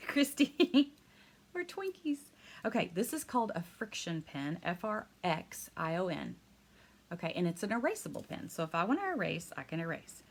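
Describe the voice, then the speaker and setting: A woman teaching a live hand-lettering class online. She talks fast and excitedly, chatty and encouraging, and laughs often. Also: fairly low pitch, slight background noise. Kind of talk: live online craft lesson.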